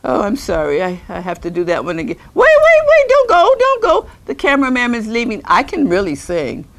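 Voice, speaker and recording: A woman's voice: quick pace, gravelly. A woman doing a rambling, ghost-seeing eccentric lady. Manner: rambling, scatterbrained, chats with invisible companions; lively, swooping pitch. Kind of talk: comedic character monologue.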